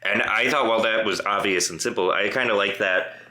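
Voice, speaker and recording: A man co-hosting a podcast in casual chat, animated and prone to profane rants. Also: fairly low pitch, brisk. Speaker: podcast co-host. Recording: roomy echo.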